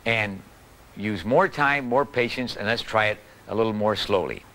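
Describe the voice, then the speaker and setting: A man giving a calm, patient drum lesson for beginners, counting and calling out the strokes. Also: on the low side, normal speed, poor audio. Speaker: drum teacher. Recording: old video tutorial with loud drums. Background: snare drum playing.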